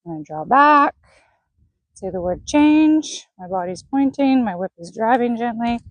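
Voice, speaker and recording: A woman horse trainer in an outdoor arena, gently praising and coaxing a horse while explaining her training to viewers. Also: on the high side, animated, moderate pace, no room sound, rough recording.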